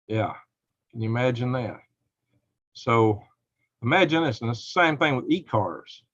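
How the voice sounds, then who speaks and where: A man's voice: mid-range voice, lively intonation, a little slow, fairly bright tone, no echo. Man rambling on a live stream. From United States. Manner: rambling, speculative, chuckles often. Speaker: live show host. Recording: dull lo-fi dry sound.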